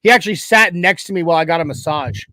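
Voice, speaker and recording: A man's voice: on the high side, animated, fast, bright, forceful tone, no echo. A man co-hosting a casual sports talk show, reading viewer comments in an emphatic, chatty way with many restarts. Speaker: co-host reading chat.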